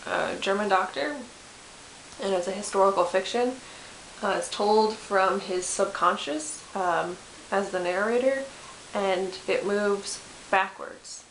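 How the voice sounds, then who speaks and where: A woman's voice: medium pitch, a bit bright. A woman in her twenties chatting casually about books she loves, with lots of fillers and self-corrections. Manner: chatty, self-deprecating, many fillers and restarts. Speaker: book vlogger. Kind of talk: casual chat. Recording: echoey room with faint hiss.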